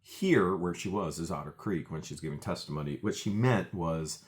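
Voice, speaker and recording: Deep-voiced, indignant man co-hosting. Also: moderate pace. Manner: emphatic, indignant, quotes testimony. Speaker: podcast co-host. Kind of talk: casual commentary on a court case.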